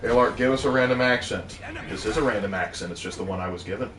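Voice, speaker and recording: A man's voice: lowish voice, fast, a bit bright, a little hiss or hum. Man, co-streamer, reads chat, dry humor, roomy sound, distant mic. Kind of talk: casual gameplay chat.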